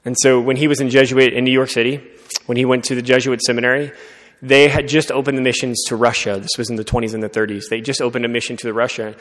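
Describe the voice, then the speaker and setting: A man preaching a sermon, telling a story in an earnest, conversational way and often dropping to a soft voice. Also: medium pitch, flat delivery, fast talker, hardly any pauses. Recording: long reverb of a large hall.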